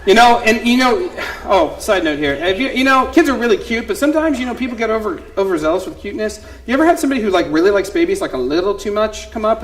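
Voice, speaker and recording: Animated man doing stand-up storytelling. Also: high voice, quick pace, background noise. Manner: animated, acts out voices of family members. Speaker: comedian in a one-man stage show. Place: theater stage before a live audience.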